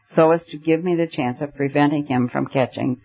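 A man reading an audiobook, voicing a reckless, tipsy young gentleman who picks a quarrel in mock earnest. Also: fairly even intonation, fairly quick, vocal fry. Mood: urgent. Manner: mock-earnest, then low and urgent. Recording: dull lo-fi recording.

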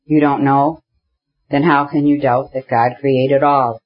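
A man voicing an elderly, good-natured priest who speaks in a hurried, customary recitative in a storybook reading. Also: on the high side, fairly even intonation, lo-fi sound, close to an everyday voice.

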